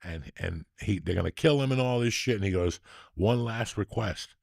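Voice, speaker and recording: A man hosting a podcast, telling stories in a loose, profane, excitable way. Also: deep voice, fairly quick, creaky, dry recording, studio quality. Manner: profane, excitable, animated storyteller. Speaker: podcast host. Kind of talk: casual storytelling chat.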